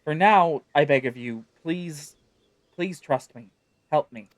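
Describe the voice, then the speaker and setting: A man's voice: on the high side, takes it slowly, slight background noise. A man voicing a frail, pleading young woman. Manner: faint, earnest pleading.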